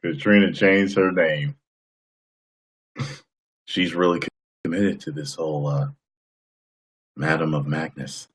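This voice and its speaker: A man hosting a casual live stream, chatting with viewers in a playful, boastful way and breaking into loud whoops. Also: a bass voice, steady tone, slow, pauses often, husky.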